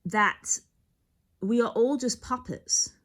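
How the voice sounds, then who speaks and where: A woman's voice: on the high side, takes it slowly, a bit bright. A woman giving a tarot card reading in a rambling, musing way, often breaking off mid-sentence and sometimes dropping almost to a whisper. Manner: rambling, musing, self-interrupting. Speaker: tarot reader.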